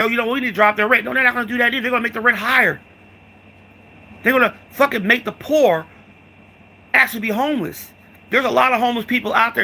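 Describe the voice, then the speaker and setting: Husky, gravelly man ranting. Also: high voice, sharp tone. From United States. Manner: heated, profane, repetitive, addresses listener as "dog". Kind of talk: angry political rant.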